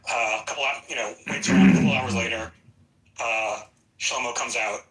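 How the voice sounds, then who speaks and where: A man talking in a casual online voice chat, halting and restarting as he tells a story. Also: medium pitch, animated, echoey room, recorded from a distance, a crowd in the background, low-quality recording. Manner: halting, restarts often while telling a joke.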